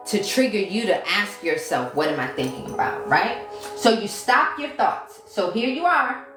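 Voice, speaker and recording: A woman giving a casual livestream talk as a mindset coach. She repeats key phrases and stops to answer viewer comments. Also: a little high. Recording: roomy sound with music behind. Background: background music.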